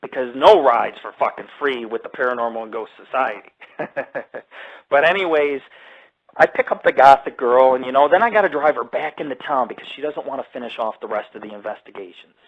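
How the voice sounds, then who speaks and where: A man's voice: mid-range voice, a little fast, muffled recording. A man hosting a live radio show, telling a story in blunt, heavily profane casual talk. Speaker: radio show host and paranormal group founder.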